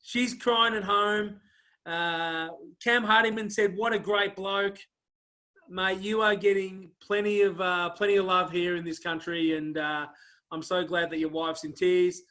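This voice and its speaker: Aussie guy hosting, voice a bit high, super effusive, lots of uhs and mates. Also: fairly even intonation, measured pace. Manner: effusive, warm praise, many fillers. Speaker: interview show host. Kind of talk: casual interview chat and show sign-off.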